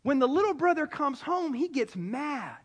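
A man preaching a sermon to a congregation, animated and conversational, with frequent restarts. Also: extremely high pitch, normal speed. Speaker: pastor. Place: church in front of a congregation.

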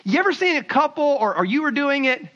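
Guy preaching a sermon, high bright voice, chatty and animated, kinda muffled lo-fi sound. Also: fast. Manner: animated, conversational preaching with acted asides. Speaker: pastor.

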